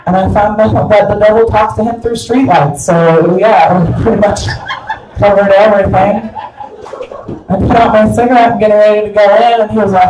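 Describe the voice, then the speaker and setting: A woman's voice: mid-range voice, fairly even intonation, normal speed, warm tone. A woman stand-up comedian telling a crude, rambling story live on stage in a club. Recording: echoey club from far off.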